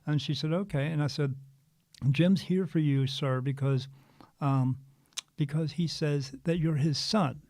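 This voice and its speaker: A man in his fifties, a spiritual medium guest, telling a story in an earnest, animated way with frequent restarts. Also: on the high side, unhurried, no room sound. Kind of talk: casual storytelling interview.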